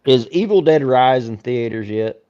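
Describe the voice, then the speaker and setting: A man's voice: medium pitch, animated, normal speed, warm tone, smooth, muffled recording. A man with a Southern accent, co-hosting a podcast in casual, crude, joking chat full of swearing. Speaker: podcast co-host.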